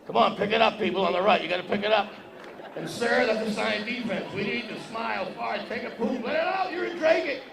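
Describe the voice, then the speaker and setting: Expressive and brisk, a man with a high-pitched, creaky voice works the room during a stand-up set, needling the audience with brash jokes. He stands on an event hall stage with a podium, and the recording picks up echo and crowd noise.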